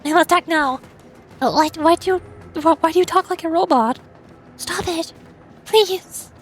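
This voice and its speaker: Bubbly high-voiced young woman streamer. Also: a little slow, soft background music. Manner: bubbly, chatty, reacts with squeals and jokes. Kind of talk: casual game commentary.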